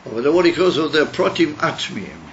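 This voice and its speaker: A man's voice: a little high, sing-song, fast talker, a bit bright, a little hiss or hum. A man, a rabbi, teaching a text-study class, explaining and thinking aloud with frequent restarts. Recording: dull lo-fi recording.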